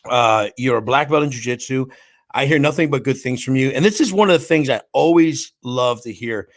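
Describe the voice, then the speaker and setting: A man's voice: mid-range voice, brisk. Male podcast host, friendly, chatty, says dude a lot, casual interview.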